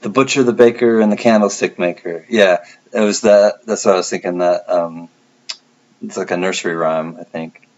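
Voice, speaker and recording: A man's voice: deep voice, fairly even intonation, moderate pace, darkish tone, lo-fi sound. A man hosting a collectibles livestream, chatting casually and reading out viewer comments.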